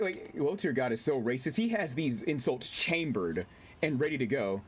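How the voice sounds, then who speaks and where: A man casually commentating his gameplay on a stream, excitable, swearing, laughing and reading chat aloud. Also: on the high side, fairly quick.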